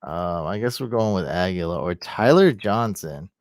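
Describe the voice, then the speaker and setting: A man's voice: low-pitched, animated, moderate pace, dry recording, clean studio sound. A man giving casual fantasy football advice on a live stream, thinking aloud and answering questions from the chat.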